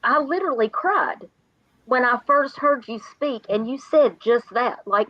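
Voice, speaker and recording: A woman interviewer, a mother herself, speaking earnestly and sympathetically, slow and deliberate. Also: on the high side, expressive, no room sound. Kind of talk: emotional conversational interview. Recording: dull dry lo-fi sound.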